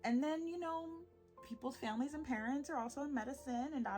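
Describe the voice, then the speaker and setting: A woman in her twenties hosting a solo podcast, animated and sarcastic, laughing often and slipping into mocking voices. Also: sits high, fairly quick, soft background music. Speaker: podcast host.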